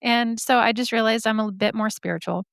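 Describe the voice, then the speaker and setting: A woman's voice: a little high, steady tone, a little fast, gravelly, a bit bright, dry recording, studio quality. A woman podcast host telling a personal story in a candid, chatty way, swearing freely. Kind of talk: casual storytelling.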